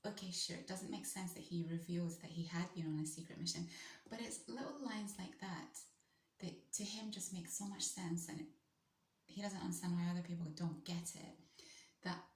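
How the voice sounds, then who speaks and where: A woman from the UK in a soft, mostly whispered and rambling casual vlog chat. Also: lowish voice, moderate pace, slight background noise. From United Kingdom. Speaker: vlogger. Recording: roomy echo.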